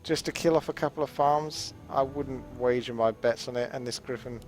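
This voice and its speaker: An English man giving live game commentary in a relaxed, chatty, rambling way. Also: medium pitch, moderate pace, faint music behind. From England. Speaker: esports commentator.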